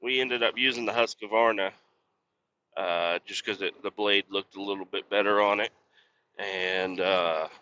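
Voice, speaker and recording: Sitting on the low side yet pushed and bright, a man's voice comes through a muffled recording from a moving truck cab. As host of a podcast, he drifts through laid-back stories and curses along the way.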